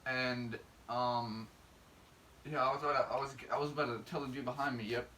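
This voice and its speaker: A man chatting casually as a podcast co-host, telling a story with lively delivery and frequent laughs. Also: medium pitch, brisk, recorded from a distance, a little hiss or hum, rough recording. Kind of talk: casual chat.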